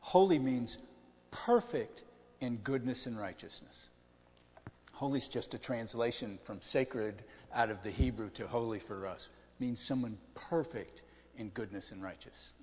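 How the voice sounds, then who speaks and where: A man's voice: mid-range voice, darkish tone. A man delivers a sermon in an easy, conversational way, often turning to his listeners with questions. His voice sits in an ordinary middle range. A long reverb trails each phrase, as if he is speaking in a large church hall. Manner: conversational preaching, asks the audience questions. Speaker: pastor.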